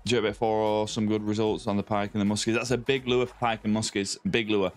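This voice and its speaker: An Australian man is live-streaming a game from his home setup with a ring light, his voice lowish, level in tone and fairly quick. He chats casually and greets viewers by name, calling them mate and buddy.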